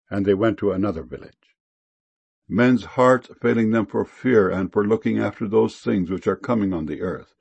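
A man giving a solemn, measured reading of King James scripture. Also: on the low side, darkish tone, slightly rough.

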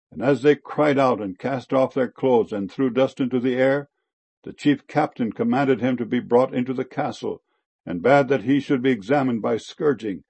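A man reading King James scripture aloud in a solemn, measured way. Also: medium pitch, a little mellow, breathy edge.

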